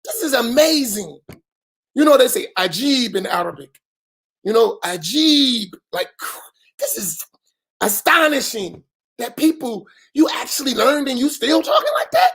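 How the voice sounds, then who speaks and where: A man's voice: very high voice, big pitch swings, a little slow, vocal fry, a bit bright, husky. Emphatic preaching man, colloquial delivery. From United States. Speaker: imam. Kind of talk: post-dawn-prayer talk.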